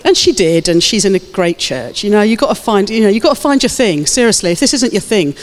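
A woman's voice: medium pitch, lively intonation, fast talker. A woman pastor preaching a fervent sermon, exhorting and calling out to her congregation. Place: church hall. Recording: long reverb of a church hall.

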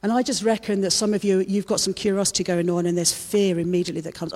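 A woman's voice: medium pitch, fairly even intonation, fast, darkish tone. A woman preaching a sermon in church, fervent and repeating her phrases as she builds.

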